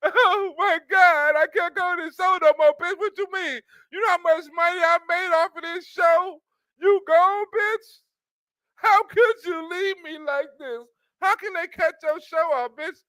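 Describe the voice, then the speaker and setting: A man's voice: very high voice, a little slow, sharp tone, no echo, pitched above the performer's own voice, full character voice, low-quality recording. Man doing a sobbing, cursing woman host. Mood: wailing. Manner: whiny, wailing, cursing. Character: sobbing woman show host losing her paycheck.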